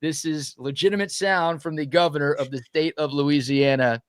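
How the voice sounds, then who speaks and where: A man hosting a live sports talk show, bantering in an animated, jokey way. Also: a little high, moderate pace, no room sound, clean studio sound.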